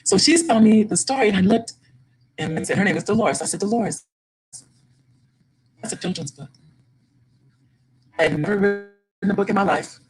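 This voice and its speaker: An older woman, a grandmother, telling a story to an audience about writing her first children's book, animated and rising with excitement. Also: mid-range voice, a little fast, pauses often, rough recording. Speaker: guest speaker, children's book author.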